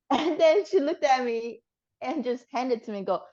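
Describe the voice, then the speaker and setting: A woman's voice: high-pitched, lively intonation, normal speed, dark tone, muffled recording. A woman telling a funny story in casual chat, swearing freely and laughing as she goes. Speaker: guest.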